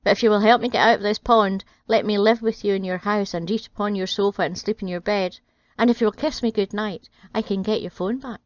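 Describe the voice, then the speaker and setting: A woman's voice: mid-range voice, steady tone, fairly quick, no room sound, lo-fi sound, close to an everyday voice. A woman doing a crude cheeky frog. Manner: brash, mocking, slangy. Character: crude cheeky male frog, small, lewd and demanding.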